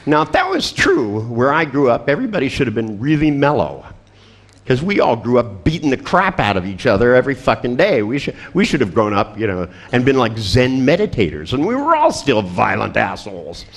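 A man's voice: medium pitch, huge pitch swings, a little fast. An older man telling a crude, funny story to a seminar audience. He laughs often and acts out the other people's lines. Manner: profane, laughing storyteller acting out dialogue. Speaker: seminar speaker.

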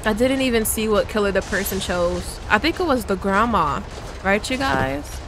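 A woman's voice: medium pitch, normal speed, vocal fry, noisy background. A woman giving chatty gameplay commentary, talking straight to her viewers with bursts of mock outrage. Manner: dramatic outbursts of mock outrage. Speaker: gaming YouTuber. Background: game music.

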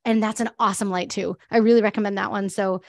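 A woman's voice: medium pitch, steady tone, fast talker, no echo. A woman pet photographer giving a casual presentation, chatty and full of fillers, laughing often. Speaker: guest speaker, pet photographer.

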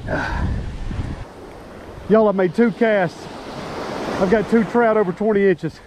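A man, a fishing vlogger who talks excitedly and exclaims a lot while surf fishing outdoors. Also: high-pitched, takes it slowly. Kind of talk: excited outdoor vlog commentary. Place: outdoors on an ocean beach, surf behind. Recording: outdoor recording with loud surf noise.

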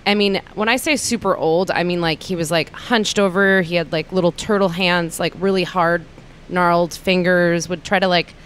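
A woman, a comedian and bartender, telling an anecdote in relaxed podcast chat with laughing asides. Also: on the low side, normal speed, clean tone. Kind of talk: casual podcast storytelling.

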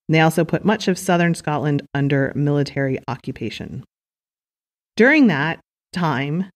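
Low-voiced woman narrating history casually. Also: darkish tone. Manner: casual, chatty asides to listeners. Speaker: history podcast host.

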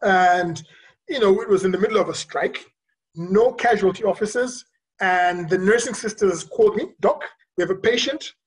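A physician giving a virtual conference talk, recounting a personal story in a reflective, earnest way with frequent pauses. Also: medium pitch, rough recording. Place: remote recording for a virtual conference.

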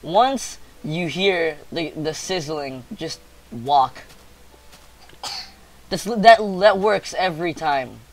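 A man hosting a casual let's-play with a friend, joking excitedly and reading quest text aloud. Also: fairly high pitch, slow pace, pauses often. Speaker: gaming channel host.

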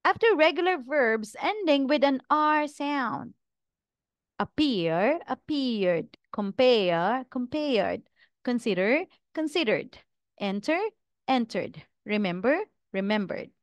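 A woman teaching English pronunciation, reading out verb pairs in a slow, deliberate drill with each word carefully enunciated. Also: high voice, expressive, no room sound, highs cut off.

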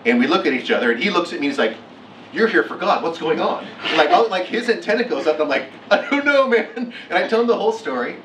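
A middle-aged man giving a keynote talk, telling a story with lively acted-out quotes. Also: a little high, very fast, noisy background. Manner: animated, acts out quotes with laughs. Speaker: keynote speaker. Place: lecture hall. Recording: echoey hall from far off.

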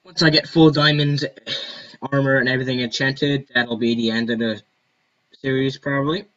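Man, gaming commentary, rambling self-talk, average pitch, dull lo-fi recording. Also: fairly even intonation, normal speed, fairly bright tone. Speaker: gaming video host. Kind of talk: casual gameplay commentary.

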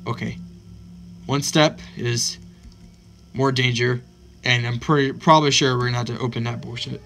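A man hosting a let's play of a horror game, excitable and swearing constantly, yelping at scares. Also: mid-range voice, normal speed, vocal fry, soft background music. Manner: excitable, swears constantly, yelps when startled. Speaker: gaming channel host.

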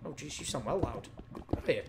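A young man commentating his gameplay live. He is excitable, talks to the creatures in the game, and breaks into sudden loud outbursts. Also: medium pitch, moderate pace, heavy background noise. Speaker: gaming video host.

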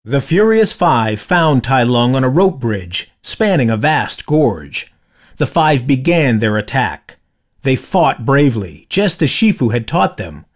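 A man reading a children's storybook aloud with expressive, dramatic storytelling. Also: medium pitch, unhurried. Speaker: storybook reader. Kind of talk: read-aloud storybook narration.

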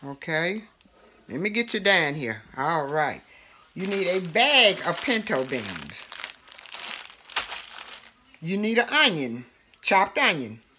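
A woman with a Southern accent hosts her cooking show in a homey, chatty way. She takes her time, drawing words out. Her voice has a bright, forward tone. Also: on the low side, very animated, slow pace, pauses often, slight background noise. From Alabama, US. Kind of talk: casual cooking demonstration.

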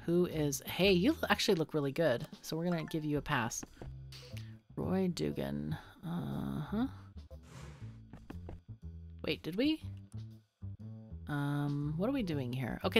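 Woman gaming host, wry and chatty, animated pitch, faint music behind. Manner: chatty, wry, thinks aloud. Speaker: let's play host. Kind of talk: casual gameplay commentary.

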